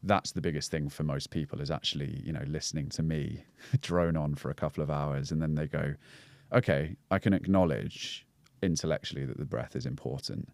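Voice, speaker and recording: Deep-voiced Scouse man explaining calmly. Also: brisk, gravelly, hardly any pauses, no room sound. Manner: reflective, explanatory, many fillers and restarts. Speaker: podcast guest, breathwork coach. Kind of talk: casual podcast conversation.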